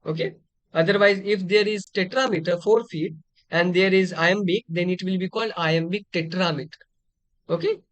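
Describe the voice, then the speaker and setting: High-voiced man teaching literature. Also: moderate pace, a bit bright, no room sound. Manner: explanatory, repeats key terms, many fillers and restarts. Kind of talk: exam-prep lecture.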